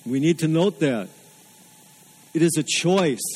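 A man's voice: on the high side, expressive, measured pace, a little mellow, husky, low-quality recording. A man preaching a sermon, earnest and emphatic, repeating phrases for weight. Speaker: pastor.

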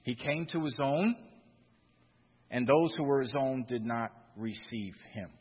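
A man's voice: mid-range voice, measured pace, slightly rough, dull audio. Preaching man in an echoing hall. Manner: preaching with swells of emphasis and repeated phrases. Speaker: pastor. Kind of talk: sermon.

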